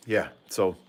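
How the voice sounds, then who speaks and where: Guy on his porch talking into his phone, rambly and jokey, just chatting w his viewers. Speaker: vlogger. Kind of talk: casual live-stream chat. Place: outdoors on a side porch. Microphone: phone held by hand.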